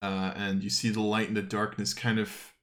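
A man's voice: lowish voice, little pitch movement, moderate pace, a bit bright. A man narrating as game master of a tabletop game, rambling and hesitant, with many fillers and self-corrections.

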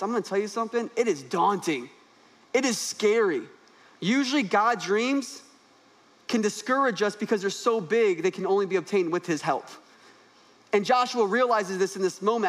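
A young man, the new pastor, preaching a sermon on a church stage in an animated, joking way with rising emphasis. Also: sits high, moderate pace.

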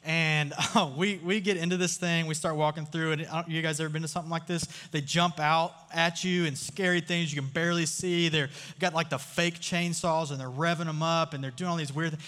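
A man's voice: on the high side, steady tone, a little fast, few pauses, pushed and bright. A man giving a casual, storytelling sermon to a live crowd, chatty and joking, often asking the audience questions. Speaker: youth speaker. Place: large room with a live audience. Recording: long hall reverb.

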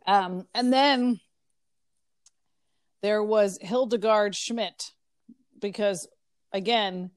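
A podcast co-host with a smooth, medium-pitched voice talks very slowly and pauses often in casual chat. She's rambling, chatty and heavy on fillers, and there's no room sound.

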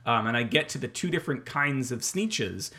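Rambling chatty man, bright voice. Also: mid-range voice, expressive, moderate pace. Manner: rambling, many fillers and restarts. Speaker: podcast co-host. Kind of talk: casual chat.

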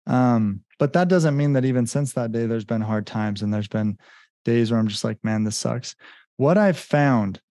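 A man's voice: mid-range voice, moderate pace, warm tone, dry recording, studio quality. A man, a business coach and guest, telling his story in a rambling casual way with many fillers and acted-out quotes. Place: home in Mexico.

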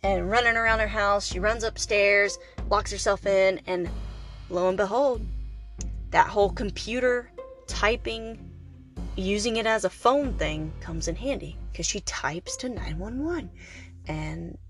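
A woman's voice: medium pitch, unhurried, fairly bright tone, soft background music. Chatty woman recapping a movie. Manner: chatty, rambling, with fillers and laughs. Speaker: podcast host.

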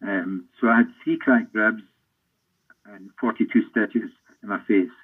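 An older Scottish man, a former footballer, telling rambling anecdotes in an interview with a husky voice. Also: lowish voice, fairly even intonation, measured pace. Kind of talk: storytelling interview. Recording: tinny phone-like line.

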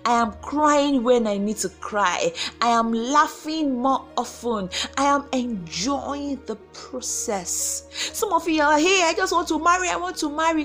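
Animated high-voiced Nigerian woman preaching. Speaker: motivational vlogger. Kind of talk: motivational faith talk.

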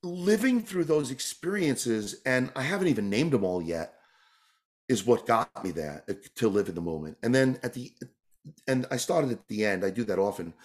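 A man's voice: medium pitch, lively intonation, moderate pace. A man from New York, a tap dancer and entertainer, giving a long, earnest, rambling answer in an interview, often restarting his sentences. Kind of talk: reflective casual interview answer.

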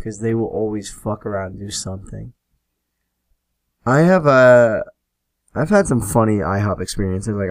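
A man's voice: fairly low pitch, no echo. A young man hosting a podcast, casually telling stories, swearing freely and acting out quoted lines. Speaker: podcast host. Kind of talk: solo storytelling podcast.

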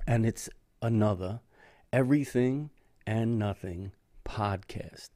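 Low, mellow man chatting. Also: slow pace, dry recording, clean studio sound. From Brooklyn, New York. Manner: rambling, chatty, greets viewers by name. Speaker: podcast host. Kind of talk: casual livestream chat.

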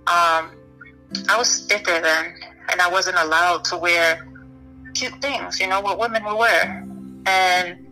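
A young woman with a very bright, sharp-edged voice tells her own story in an interview. She talks candidly, stopping and restarting, leaning on "you know" as she goes. Faint music sits low under her voice. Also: fairly even intonation, slow pace, long pauses, rough recording. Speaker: guest.

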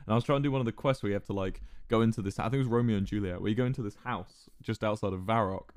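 A man's voice: on the low side, racing, clean tone, dry recording. A man in his thirties telling a gaming story in casual style, swearing freely, laughing a lot and often restarting his sentences.

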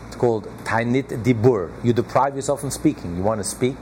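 A man's voice: medium pitch, brisk, darkish tone, slight background noise, low-quality recording. A man teaching a text to a small study group, emphatic, repeating his key points and chuckling now and then. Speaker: Torah class teacher.

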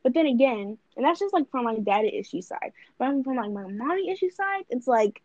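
A woman's voice: high voice, lively intonation, brisk, a little mellow, no room sound, muffled recording. A young woman co-hosting a podcast, talking bluntly and rambling with lots of fillers and swearing. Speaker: podcast co-host. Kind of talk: casual chat.

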